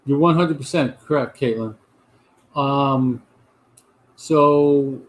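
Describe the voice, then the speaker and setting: A middle-aged man, his voice sitting a touch high for a man. He hosts a casual livestream chat, rambling from one thing to the next and answering viewer comments as he goes. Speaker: host of a livestream chat show.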